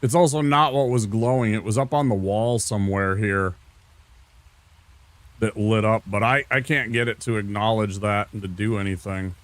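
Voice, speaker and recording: A man's voice: lowish voice, moderate pace. Laid-back Minnesotan man chatting with viewers. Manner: laid-back, rambling, talks to viewers by name. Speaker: streamer. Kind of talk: casual gameplay chat with chat.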